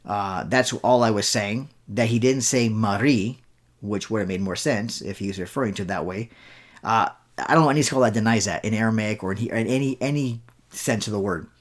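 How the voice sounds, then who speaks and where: A man's voice: fairly low pitch, a little fast. A man hosting a show, delivering an argumentative rebuttal and hammering his points with repeated words. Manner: argumentative, insistent, repeats key words for emphasis. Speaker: show host and Bible scholar. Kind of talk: rebuttal commentary.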